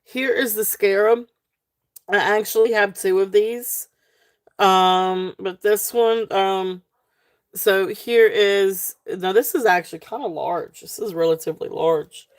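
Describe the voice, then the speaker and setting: She takes it slowly, her medium-pitched voice steady, as she hosts a live jewelry sale with a Southern accent from South Central Virginia, USA. The talk is chatty and casual, full of fillers, with viewers thanked by name.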